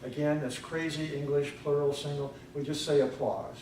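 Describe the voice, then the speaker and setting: A man's voice: on the high side, steady tone, a little mellow, a little hiss or hum. Man, grammarian at a club meeting, dry humor, careful diction, heard from far off in a roomy hall. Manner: dry joking, corrective, pronounces words slowly. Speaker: grammarian and ah counter. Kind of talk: meeting speech evaluation. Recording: echoey room from far off.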